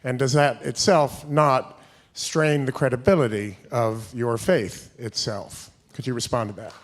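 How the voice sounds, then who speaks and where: A man from the audience putting a formal, measured question to a debate panel. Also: mid-range voice, steady tone. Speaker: audience member asking a question.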